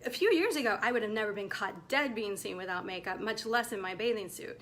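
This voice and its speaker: Bright-voiced woman in her forties coaching. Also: medium pitch, a little fast, slight background noise. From United States. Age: 40s. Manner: emphatic, passionate, preachy. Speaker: women's coach. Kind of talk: direct-to-camera motivational talk.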